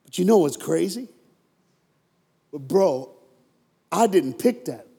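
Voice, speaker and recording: An American man giving a live motivational sermon to a crowd, telling his story in a voice that drops to a hush and then rises to loud, fired-up preaching, with jokes aimed at the audience. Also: high-pitched, lively intonation, takes it slowly, slightly rough. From United States. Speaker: motivational speaker. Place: large hall with a live audience. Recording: echoey hall with long reverb.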